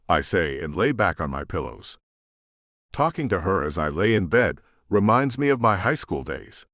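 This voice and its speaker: Man, audiobook narrator, romance, lowish voice, animated, dry studio sound. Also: normal speed, no room sound.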